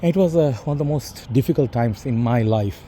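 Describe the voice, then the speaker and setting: A man's voice: medium pitch, brisk, mellow, a little hiss or hum. A middle-aged man with a Bangladeshi English accent, a fragrance reviewer talking to camera in a casual, rambling monologue full of "you know" and "bro".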